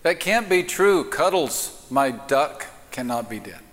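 A man's voice: mid-range voice, sing-song, takes it slowly, a bit bright, long reverb tail. A man voicing a distraught woman pleading over her pet duck in a joke during a sermon.

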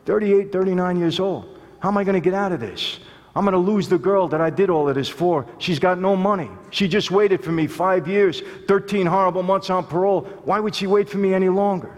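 Here a fairly quick, high-voiced man speaks earnestly and emphatically to a live crowd, recounting his life in a testimony and frequently addressing them directly as "people." The large hall gives his words a long reverb.

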